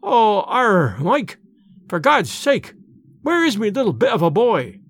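A shrill, wailing landlady, put on by a male narrator cries out high and loud in a thick brogue. Her voice leaps about wildly in a close, dry storybook reading. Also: wildly swooping pitch, unhurried, no echo, heavily acted. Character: wailing stout Irish landlady, hysterical mother.

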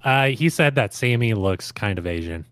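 Easygoing male podcast co-host, lower voice, dry recording. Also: lively intonation, moderate pace, fairly bright tone, dry recording. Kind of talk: casual chat.

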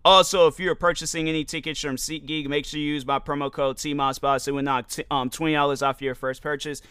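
A man's voice: a little high, fairly even intonation, fast, sharp tone, smooth, dry recording, clean studio sound. A young man hosting a podcast, telling a loose, rambling story full of fillers and restarts. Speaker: podcast host. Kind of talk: casual storytelling monologue.

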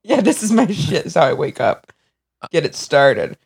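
Guest from Maine: woman, lowish voice, loose rambling storyteller who curses. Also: big pitch swings, a little slow, vocal fry, a little mellow, breathy edge. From Maine, USA. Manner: rambling storyteller, swears freely. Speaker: podcast guest. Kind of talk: casual chat.

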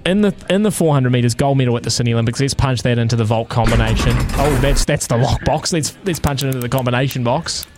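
A man's voice: mid-range voice, quick pace, few pauses, over music. A man with a New Zealand accent co-hosting a live radio show, talking a caller through a quiz game in a friendly way. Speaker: radio co-host.

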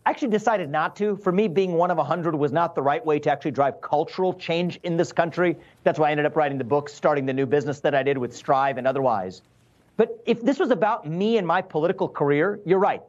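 A man in his thirties, a presidential candidate in a remote TV news interview, speaking fast and emphatically. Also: a little high, dull audio. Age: 30s. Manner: fast, emphatic, assertive campaign talk.

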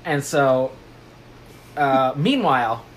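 A woman's voice: very deep voice, slow pace. A woman casually recapping a book on a podcast, joking and putting on voices for the characters. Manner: animated, jokey, puts on voices for characters. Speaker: podcast co-host recapping a novel. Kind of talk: casual chat, playful storytelling.

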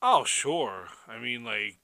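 A man co-hosting a podcast, animated and giggly, talking loosely and saying "like" a lot. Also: medium pitch, slow pace, vocal fry. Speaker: podcast co-host. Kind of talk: casual chat.

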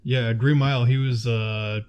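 A relaxed, mid-pitched man talking casually with a friend about old films. He chats loosely, laughs easily and stops to hunt for actors' names. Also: measured pace, clear, resonant tone, highs cut off. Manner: chatty, laughs often, searches for names aloud. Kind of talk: casual chat.

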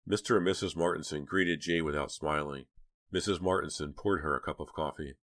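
A man narrating an audiobook in an even, measured reading. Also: rumbling low, dry recording, studio quality. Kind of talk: scripted narration.

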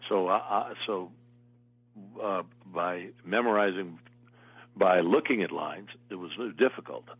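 A man's voice: deep voice, unhurried, breathy edge, dry recording, highs cut off. An older man, an actor, telling long meandering stories as an interview guest. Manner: meandering anecdotal storyteller. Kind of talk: casual interview storytelling.

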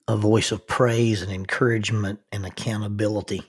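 Soft-spoken, husky-voiced man. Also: on the low side, steady tone. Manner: slow, soft-spoken storytelling with laughs; quiet, intimate delivery, dropping to near whisper. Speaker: podcast host. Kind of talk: reflective devotional podcast talk.

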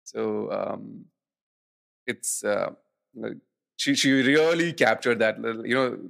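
A man's voice: on the low side, slow pace, creaky, a bit bright. A man co-hosting a podcast, chatting casually about films and rambling through fillers and restarts. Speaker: podcast co-host. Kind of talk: casual film chat.

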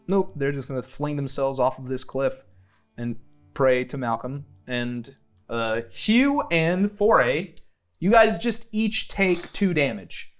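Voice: mid-range voice, slow, soft background music. A game master narrating a tabletop game in a playful way, with lots of "uh" and "um". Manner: playful, animated narration with many fillers.

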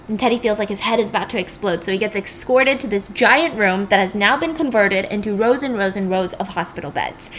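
A woman's voice: a little high, slight background noise. A young woman casually recapping a film story with chatty, sarcastic asides.

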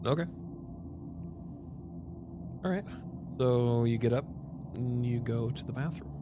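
A man's voice: medium pitch, slow, background noise. Male game master narrating. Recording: music underneath.

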